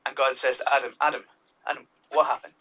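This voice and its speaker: A man doing a stand-up comedy set over a video call, talking in an animated way and jumping into voices for his characters. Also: medium pitch, quick pace, husky, distant mic, poor audio.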